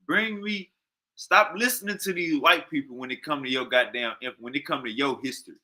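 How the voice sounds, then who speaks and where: Hype guy ranting and cussing over a clip, super bright tense voice. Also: medium pitch, fairly quick. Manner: heated, profane, slangy, repeats himself. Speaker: reaction streamer. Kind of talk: loud reaction commentary.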